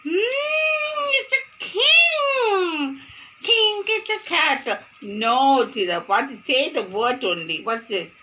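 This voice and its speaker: A woman's voice: high voice, big pitch swings, slow pace, hardly any pauses, bright, forceful tone. A woman teaching a phonics lesson to young children, playful and sing-song, repeating words for them to copy.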